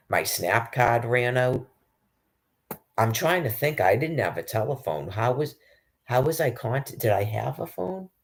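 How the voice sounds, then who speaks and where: A man in a rambling, agitated, profanity-laden monologue about being homeless, with frequent restarts. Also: medium pitch. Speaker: public access show guest.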